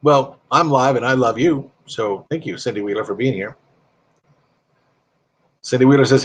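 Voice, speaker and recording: A man chats loosely through a live stream, drifting between topics and reading viewer comments aloud. His talk is friendly and unhurried, with a voice of ordinary middle pitch. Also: slightly rough. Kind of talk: casual live-stream chat.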